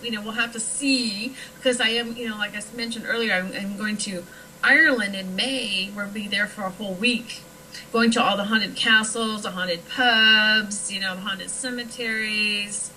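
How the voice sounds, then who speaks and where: Bright chatty lady from nebraska, lots of um and you know, faint hiss. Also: medium pitch, steady tone, moderate pace, rough recording. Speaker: paranormal investigator guest. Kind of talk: casual chat.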